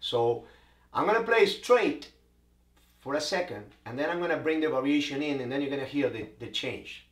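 A man's voice: a little high, lively intonation, moderate pace, echoey room. A man teaching percussion, explaining step by step and counting beats aloud between drum passages. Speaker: percussion instructor. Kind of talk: instructional demonstration. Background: bongo drums and faint music.

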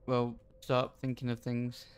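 A man's voice: mid-range voice, completely flat delivery, unhurried, smooth. A man co-hosting a gaming video, teasing his friend while puzzling over what to click. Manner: teasing, grows baffled at the puzzle. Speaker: gaming channel co-host. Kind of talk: casual let's-play banter.

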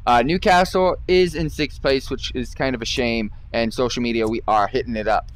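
A young man streaming a football video game live, chatting to viewers, swearing and yelling at misses. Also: medium pitch, moderate pace. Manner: excitable, swears and yells at misses. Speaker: gaming streamer.

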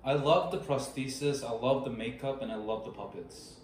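A man's voice: medium pitch, moderate pace, a little hiss or hum. A young man whose first language is not English, co-hosting a casual film review chat. He over-explains and corrects himself as he goes. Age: young adult. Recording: echoey room.

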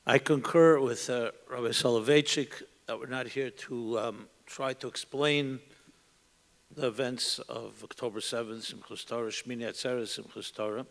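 A man's voice: mid-range voice, gravelly. A middle-aged man, a rabbi, giving an earnest, reflective talk to an audience in a synagogue hall, asking many rhetorical questions. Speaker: rabbi, panel speaker. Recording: long hall reverb.

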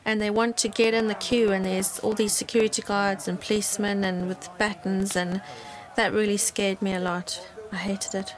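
A woman talks in a documentary interview, earnest and plain-spoken. Her voice sits at an ordinary middle pitch. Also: little pitch movement, moderate pace, few pauses. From Zimbabwe. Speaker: au pair.

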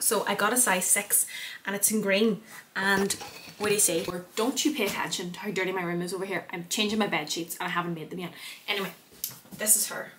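A woman's voice: mid-range voice, fairly bright tone, a little hiss or hum. A young woman, chatting to her phone camera in her bedroom, rambling and poking fun at herself. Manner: chatty, self-mocking, rambling. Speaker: vlogger. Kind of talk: casual vlog chat to camera. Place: bedroom at home.

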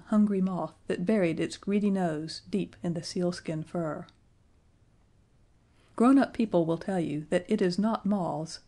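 Woman audiobook narrator, mellow and lowish, measured storybook reading. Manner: measured, gently expressive.

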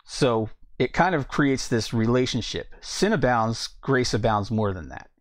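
A man's voice: mid-range voice, animated, unhurried. A man teaching a Bible study in a casual way, thinking aloud, reading verses and often restarting his sentences. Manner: thinking aloud, reads scripture, hesitant restarts.

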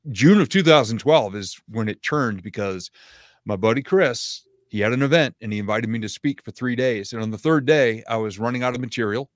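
A middle-aged man telling stories as a podcast guest, animated and self-deprecating. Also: medium pitch, a little fast, dry recording, clean studio sound. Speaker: guest speaker. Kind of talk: casual interview storytelling.

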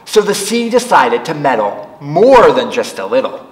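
A man's voice: on the high side, slight background noise. A man reading a picture book aloud to children at a storytime, chatting with them between pages. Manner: slow, animated read-aloud voice for children. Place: library room. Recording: echoey room, distant mic.

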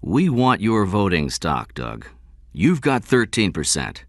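A man's voice: on the low side, wildly swooping pitch, slow pace, no room sound, clean studio sound, voice pushed up, full character voice. A man voicing a pushy, scheming male businessman in a story reading. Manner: pushy and wheedling.

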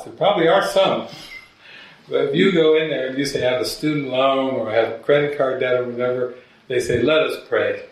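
A man, a spiritual teacher, telling stories to a gathering and often laughing at his own jokes. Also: mid-range voice. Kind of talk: talk to a gathering. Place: meeting hall at a gathering. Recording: very echoey room, voice from far off.

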